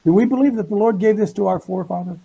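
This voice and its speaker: Raspy high-pitched folksy preacher man. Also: rapid-fire, warm tone, muffled recording. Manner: folksy, emphatic, paraphrases scripture in slang. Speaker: Bible teacher on a talk show. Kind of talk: folksy preaching Bible study.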